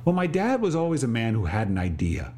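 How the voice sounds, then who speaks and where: A middle-aged man and podcast host telling a reflective personal story, slowing on details and restarting phrases. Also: medium pitch, huge pitch swings, warm tone. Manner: reflective, pauses and restarts, slows on vivid details.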